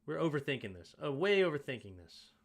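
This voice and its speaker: A man's voice: fairly high pitch, very animated, fast talker. A man hosting a sports show, casually breaking down game film and thinking aloud with self-mocking asides.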